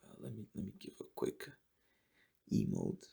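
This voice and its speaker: A man's voice: low-pitched, huge pitch swings, normal speed, creaky, mellow, slightly rough. A young man hosting his own podcast, rambling in a casual monologue full of swearing and laughing at his own jokes. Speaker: podcast host.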